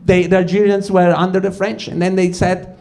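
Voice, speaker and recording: Performing stand-up live, a Swiss man from Ticino rambles and cuts himself off partway through sentences, talking to the crowd as "guys." He speaks a little fast in a high, level voice with vocal fry and a darkish tone.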